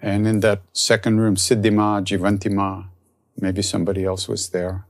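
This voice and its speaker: A man, a spiritual teacher, telling a story and then reflecting softly on spiritual practice. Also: on the low side, monotone, moderate pace, no echo. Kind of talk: storytelling talk.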